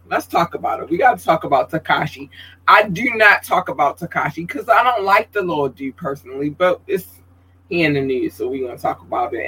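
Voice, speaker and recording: A podcast host talks directly to his livestream viewers and reads their comments out, chatty and expressive throughout. When he gets excited his voice leaps up high, and the low-quality recording carries a little hiss or hum.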